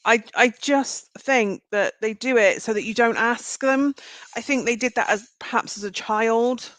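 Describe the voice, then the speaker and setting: A woman's voice: fairly high pitch, measured pace, no room sound. A woman doing a live tarot reading, chatting straight to her viewers. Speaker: tarot reader. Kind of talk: live-stream card reading.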